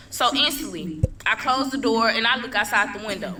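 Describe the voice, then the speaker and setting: A woman telling a long storytime, animated and cussing freely while she talks to her viewers as y'all. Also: a little high, brisk, crowd noise. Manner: profane, animated, addresses the audience as y'all. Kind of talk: casual storytime monologue. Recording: roomy and distant with faint noise.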